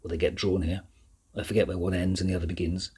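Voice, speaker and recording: A man voicing an eccentric, polite professor in a storybook reading, brisk and evasive. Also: low-pitched, level tone, mellow, breathy edge.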